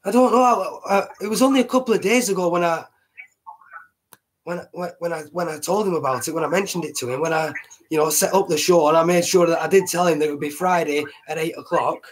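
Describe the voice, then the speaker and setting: Husky British man hosting a live stream. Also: fairly high pitch, quick pace, low-quality recording. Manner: rambling, repeats and restarts words, laughs at himself. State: chesty, a bit hoarse. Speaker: host of a live online show. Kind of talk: casual live-stream talk.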